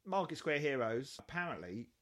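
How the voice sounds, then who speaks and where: A man's voice: medium pitch, big pitch swings, normal speed, a bit bright. A man co-hosting a casual chat about music, talking in a chatty, jokey way and reading quotes aloud. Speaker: podcast co-host.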